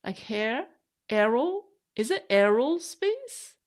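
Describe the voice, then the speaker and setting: A woman with a somewhat high voice chats slowly and unhurriedly on her live stream, laughing often. She is a non-native English speaker who pokes fun at her own mistakes. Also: big pitch swings, a little mellow. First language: not English. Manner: chatty, laughs often, self-deprecating. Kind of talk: casual live-stream chat.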